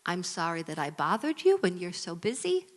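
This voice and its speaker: A woman playing a nagging older mother in a live comedy sketch, pleading and guilt-tripping in drawn-out tones. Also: on the low side, big pitch swings, in a large hall, pitched below the performer's own voice.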